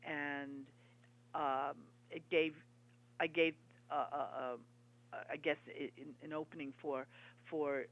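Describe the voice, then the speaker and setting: Woman, guest author, reminiscing, halting, earnest, dull muffled lo-fi audio. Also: low voice, steady tone. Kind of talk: conversational interview.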